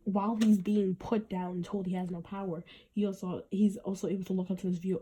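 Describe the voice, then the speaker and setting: A woman's voice: lowish voice, flat delivery, normal speed, hardly any pauses, dark tone, slightly rough. A woman hosting her own podcast, talking in an earnest, reflective way and often restarting her sentences. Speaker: podcast host. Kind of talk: casual podcast monologue.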